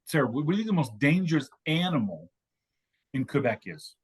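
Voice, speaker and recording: Brief: husky male guest, mid-pitched, storytelling with lots of self-corrections. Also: sing-song, fairly quick. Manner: digressive storytelling with many restarts. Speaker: guest, communication teacher. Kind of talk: casual chat.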